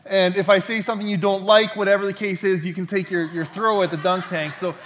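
Man, pastor, sermon, conversational, high voice. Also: steady tone, a little fast, fairly bright tone, a little hiss or hum. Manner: conversational, friendly, with restarts. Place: church.

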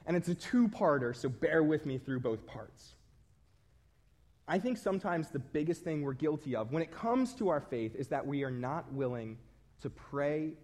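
A man's voice: fairly high pitch, a little mellow. Man preaching in a conversational sermon. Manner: conversational, self-deprecating storytelling.

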